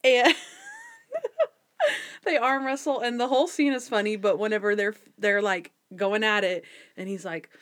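A woman's voice: mid-range voice, measured pace, pauses often. A young adult woman co-hosting a casual podcast, recapping an episode with lots of laughter and acted-out quotes. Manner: animated, laughing, acts out quotes in varied voices. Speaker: podcast co-host.

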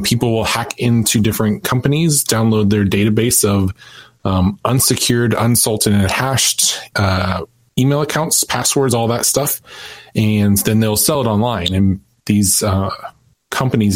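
A man co-hosting a podcast, explaining things in a steady, casual way with many fillers. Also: fairly low pitch, no echo. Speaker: podcast co-host.

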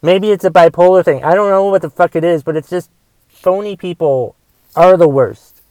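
A man's voice: sits high, moderate pace, a little mellow, smooth, no echo, poor audio. Profane, stammering man ranting on his podcast. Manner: profane, repetitive, frequent restarts. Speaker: podcast host. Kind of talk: casual monologue rant.

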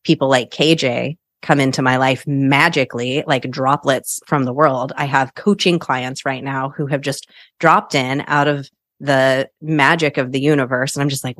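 A woman's voice: a bass voice, fairly even intonation, moderate pace, a bit bright, dry recording. Chatty upbeat woman podcast host. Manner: chatty, upbeat, laughs often. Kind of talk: solo podcast monologue.

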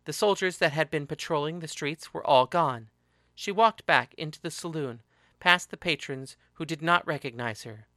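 Man, story narrator, steady expressive reading, slightly high voice, dry close recording. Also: normal speed, dry recording.

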